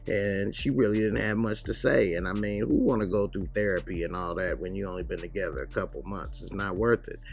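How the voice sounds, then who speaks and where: His voice sits low and sounds gravelly as this man casually recaps a TV episode. He reviews it by loosely retelling scenes in conversation, acting out quotes quickly.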